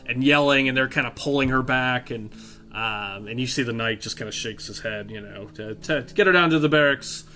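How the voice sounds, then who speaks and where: A man's voice: mid-range voice, moderate pace, pushed and bright. Hesitant male game master narrating. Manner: hesitant, many fillers.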